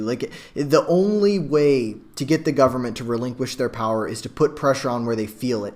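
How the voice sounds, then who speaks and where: A young man reacting to news clips from his home computer, talking in a rambling, excitable way full of likes and you knows. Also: mid-range voice. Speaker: reaction video host. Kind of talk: casual reaction commentary. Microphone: webcam.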